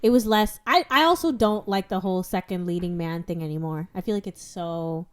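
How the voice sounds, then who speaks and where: A woman's voice: fairly low pitch, fairly quick, clear, resonant tone. A woman in her twenties co-hosting a podcast, chatting casually and rambling with lots of fillers. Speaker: podcast co-host. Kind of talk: casual chat.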